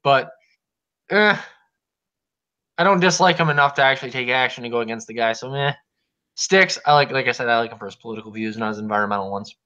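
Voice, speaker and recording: A man's voice: mid-range voice, fast, pauses often, pushed and bright. A man hosting a casual podcast chat, joking crudely and swearing a lot. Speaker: podcast host. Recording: muffled lo-fi mic.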